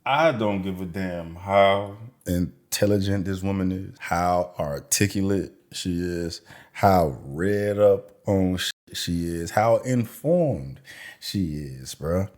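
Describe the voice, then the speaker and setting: A man's voice: low-pitched, slow pace, a little mellow. A man hosting a reaction commentary, ranting in crude slang with a mocking edge. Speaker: commentary channel host.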